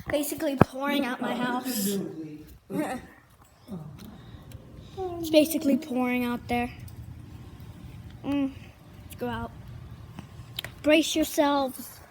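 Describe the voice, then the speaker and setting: Slow, high-voiced chatty girl vlogging. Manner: chatty, rambling, coos at her dogs in a high voice. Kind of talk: casual home video. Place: home, indoors and out in the rain. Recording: noisy home video with rain noise.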